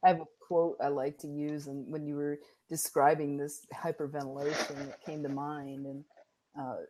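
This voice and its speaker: A woman guest in a casual interview chat, speaking thoughtfully and calmly, pausing to find her words. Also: sits low, noisy background. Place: home with a dog nearby.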